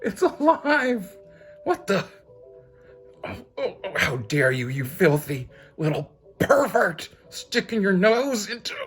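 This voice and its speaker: A man's voice: extremely high pitch, moderate pace, soft background music, voice pushed up. A man voicing a feisty, brash young woman from a comic, indignant and scolding. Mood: outraged. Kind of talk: comic book read-aloud.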